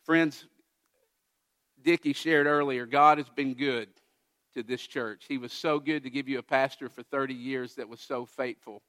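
A man preaching a sermon as pastor of a church, earnest, rising to emphatic peaks and falling to soft, quiet moments. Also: medium pitch, steady tone, a little slow.

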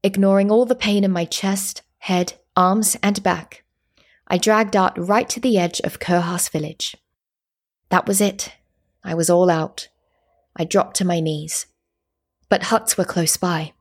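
A woman reading a story in the first person, with a calm, steady reading manner. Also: fairly low pitch, a little slow. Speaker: narrator.

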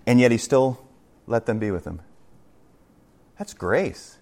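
A middle-aged man preaching a conversational verse-by-verse sermon, animated, with joking asides and acted-out quotes. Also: medium pitch, moderate pace, long pauses. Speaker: pastor.

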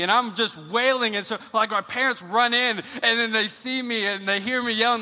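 A young adult man, a pastor, preaching an animated sermon with a personal story in a church, often repeating words as he talks. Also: sits high, normal speed. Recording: long church hall reverb.

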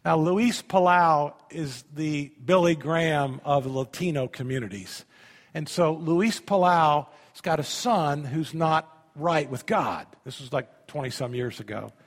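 A pastor preaching a sermon, emphatic, with sudden drops to a quiet voice. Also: male voice, on the high side, a little slow, long reverb tail.

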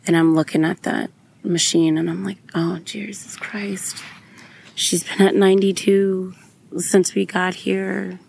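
Podcast host, young adult woman, candid and emotional, swears a lot, unhurried delivery. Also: lowish voice, little pitch movement, vocal fry, a little mellow. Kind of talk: personal storytelling monologue.

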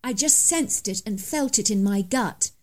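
A woman's voice: mid-range voice, animated, a little slow, darkish tone. A woman reading a first-person story aloud as scripted narration, in a dramatic, emphatic manner.

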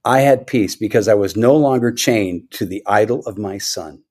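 A man's voice: fairly low pitch, normal speed, darkish tone. A middle-aged man, a church elder, earnestly telling a personal story in a podcast conversation, repeating himself for emphasis.

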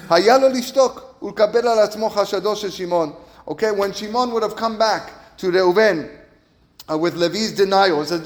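A man's voice: high voice, long reverb tail. A man teaching a religious text. He reads each phrase in Hebrew, then translates and explains it in casual English, often checking in with "okay.". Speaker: Torah teacher.

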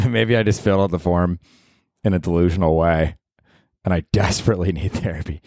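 Deep-voiced, self-mocking man in his 40s rambling through a profane solo podcast in a dry room. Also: steady tone, normal speed, pauses often, darkish tone, no room sound. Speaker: podcast host. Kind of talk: casual solo podcast monologue. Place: apartment.

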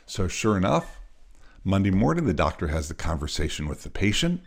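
Brief: low-voiced man telling a story on his podcast, expressive, plays all the parts. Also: brisk, creaky, husky. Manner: animated storyteller, acts out voices. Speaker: podcast host.

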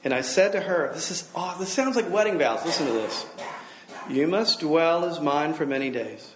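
A middle-aged man preaches in a relaxed, conversational way, putting questions to the crowd and slipping in light jokes. His voice sits a little high for a man. The room is echoey and has a faint hum of ambience behind him. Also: moderate pace. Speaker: campus minister. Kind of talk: sermon.

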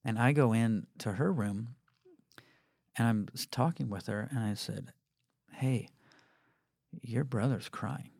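A man's voice: on the low side, unhurried, vocal fry, darkish tone, dry recording, studio quality. A man in his thirties co-hosting a podcast, telling a personal story in an earnest, reflective way. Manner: earnest, reflective, tells stories with quoted dialogue. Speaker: podcast co-host, parent. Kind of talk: casual conversational storytelling.

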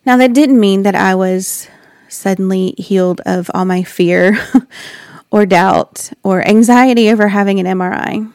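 A woman's voice: mid-range voice, measured pace, smooth, no echo, clean studio sound. A woman sharing an earnest, reflective personal faith story as a wife and mother. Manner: earnest, reflective, with soft laughs.

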